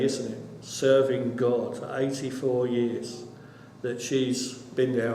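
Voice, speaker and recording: A man giving an unscripted Bible teaching, halting, with pauses and restarts. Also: medium pitch, a little mellow, a little hiss or hum. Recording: roomy reverberant hall.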